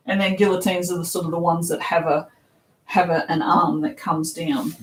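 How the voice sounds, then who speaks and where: A woman's voice: on the low side, steady tone, a little slow, distant mic. An Australian woman chatting casually while she packs orders, reading comments aloud, laughing often and swearing offhandedly. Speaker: soap shop owner packing orders. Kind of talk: casual live-stream chat while working. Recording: echoey room, voice somewhat off mic, faint noise.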